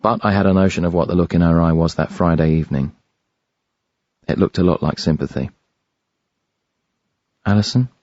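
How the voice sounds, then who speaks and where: A man with a very deep voice narrates a first-person thriller in a measured, grave tone. The sound is dry and close. The top end is a little dull. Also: darkish tone, no room sound. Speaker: audiobook narrator. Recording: dry, slightly dull studio recording.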